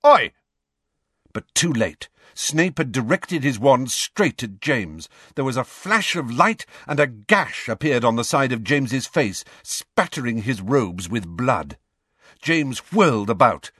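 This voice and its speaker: A man reading an audiobook as narrator, in a measured, expressive manner. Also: mid-range voice, breathy edge, no echo, clean studio sound.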